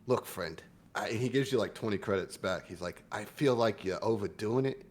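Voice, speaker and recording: A man's voice: fairly low pitch, moderate pace, pitched below the performer's own voice, lightly acted. A man voicing a shifty, defensive male street meat vendor in a tabletop game, stammering and flustered as he talks.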